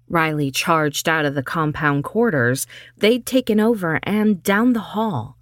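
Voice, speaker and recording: A woman narrating an audiobook in a measured, steady reading. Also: deep voice, no room sound, studio quality.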